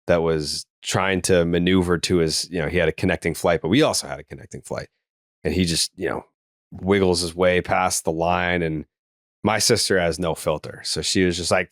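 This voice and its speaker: Low-pitched and smooth, this podcast co-host from the Boston area carries a faint Boston accent. The sound is studio quality with no echo. His casual chat drifts into rambling stories full of swearing, frequent "likes" and plenty of restarts.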